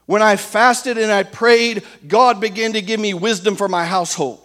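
A preacher with a high male voice delivers an emphatic sermon. He keeps firing rhetorical questions at the congregation and slows down to hammer home the lines that matter. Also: a bit bright.

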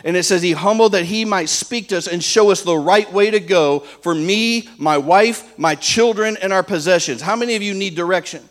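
Male preacher, high voice, emphatic sermon delivery, rhetorical questions aimed at the congregation. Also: fairly quick, few pauses.

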